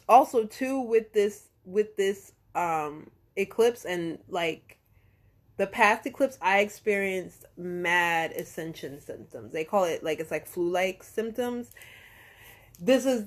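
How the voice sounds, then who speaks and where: A woman tarot reader in casual astrology talk on a live stream. She is slangy, swears now and then, corrects herself and keeps checking in with "okay?" and "right?". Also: fairly low pitch.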